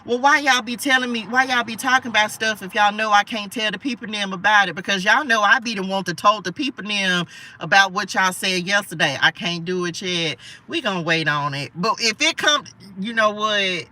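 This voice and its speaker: Bright, playful woman reading tarot. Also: mid-range voice, fairly quick. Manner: chatty and playful, talks to viewers as y'all; laughs often, asides to spirits. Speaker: spiritual tarot reader. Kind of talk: live tarot card reading. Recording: voice a bit far from the mic.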